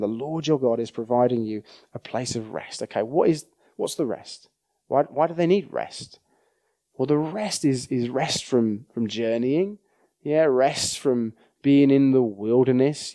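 A man delivers a sermon in a relaxed, chatty way, often turning to his listeners for agreement. His voice is mellow and warm, at an ordinary middle pitch. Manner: conversational, checks in with the audience often. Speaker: preacher.

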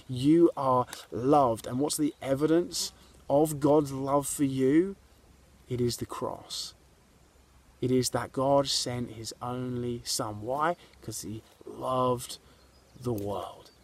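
Earnest pastor preaching conversationally. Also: male voice, mid-range voice, a little mellow. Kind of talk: sermon. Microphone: video to online viewers.

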